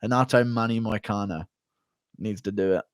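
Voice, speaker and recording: A man's voice: fairly low pitch, fairly even intonation, no echo, studio quality. A young man hosting a livestream, chatting casually, reading out donations and swearing freely as he rants. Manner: profane, ranting, quick to flare up. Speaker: livestream host.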